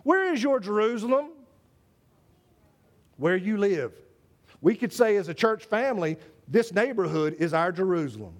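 Preacher guy, real high voice, keeps asking the church questions and repeating himself. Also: very animated, normal speed, long pauses. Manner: emphatic, repetitive preaching with rhetorical questions. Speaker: pastor. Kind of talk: sermon.

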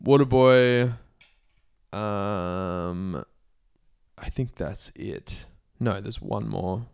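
A man's voice: lowish voice, very slow, vocal fry, smooth. A man co-hosting a podcast, chatting casually about films with blunt jokes and casual swearing. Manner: joking, blunt, swears freely. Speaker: podcast co-host. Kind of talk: casual film review chat.

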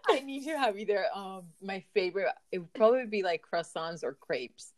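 A woman's voice: mid-range voice, animated, moderate pace. A woman with a foreign accent hosting a casual podcast chat, upbeat and giggly, often trailing off mid-sentence. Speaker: podcast host.

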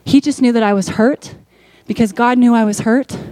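Woman pastor, sermon, higher voice, dry close sound, casual delivery that builds to emphatic peaks. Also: normal speed, mellow, no room sound. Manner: conversational preaching, rising to emphatic peaks.

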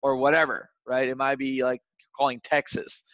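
A man talks through sales advice in a loose, chatty way, filling his points with "like" and checking in with "right?". His mid-pitched voice comes through a dull, narrow recording. The sound is dry, with no room echo. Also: flat delivery, moderate pace, a bit bright. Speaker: sales coach. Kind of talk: casual advice chat.

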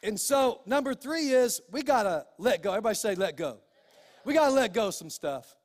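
A man's voice: sits high, big-room sound. A middle-aged male pastor preaching a sermon in a folksy, emphatic way, full of restarts and quoted asides.

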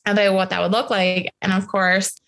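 Woman, guest, emotional, halting, personal story. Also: medium pitch, flat delivery, gravelly, fairly bright tone, a little hiss or hum. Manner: emotional, halting, many restarts.

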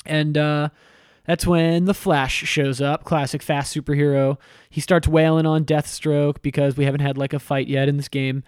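A man's voice: fairly high pitch, little pitch movement, normal speed, a little mellow, smooth, no room sound, clean studio sound. A man casually recapping a video game story, chatty and irreverent, with swearing and lots of fillers.

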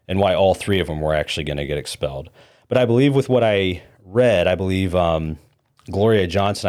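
A man's voice: deep voice, darkish tone. A man hosting a podcast with opinionated, dismissive commentary. He often stumbles over repeated words and fillers. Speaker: podcast host.

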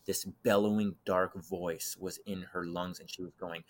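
A young man telling a personal eerie story as a podcast guest, animated, acting out voices and swinging from loud to hushed. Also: low voice, measured pace, few pauses. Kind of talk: dramatic storytelling in conversation.

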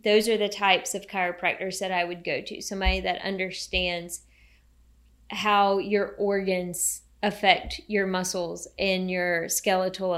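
A woman co-hosts a podcast in a relaxed conversational style. Her voice sits at a middle pitch, and she speaks earnestly and encouragingly. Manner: enthusiastic, encouraging, faith-tinged. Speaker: podcast co-host.

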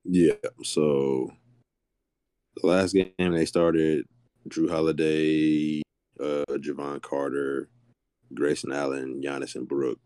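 A man co-hosting a podcast, talking basketball in a laid-back way with drawn-out fillers. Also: extremely low pitch, level tone, mellow, no room sound, studio quality. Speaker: podcast co-host. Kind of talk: casual sports chat.

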